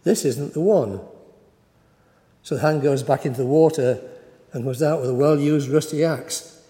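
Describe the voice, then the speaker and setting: A male preacher delivering a sermon in a wry, conversational storytelling manner. His voice is mellow and sits a little high, and it carries through a roomy church with a long reverb tail. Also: fairly even intonation, a little fast. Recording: echoey church hall.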